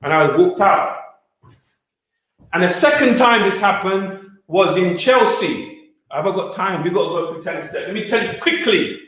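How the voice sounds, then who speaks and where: Animated man telling stories. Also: high voice. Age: young adult. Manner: animated, streetwise, quick asides to the audience. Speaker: wealth speaker. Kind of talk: storytelling talk at a live event. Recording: very echoey room.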